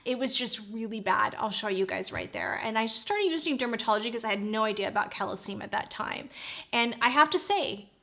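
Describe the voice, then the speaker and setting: A woman's voice: a little high, expressive, a little fast, vocal fry, a bit bright. A woman in her forties, a beauty vlogger chatting casually to camera, rambling and drifting into side notes. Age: 40s.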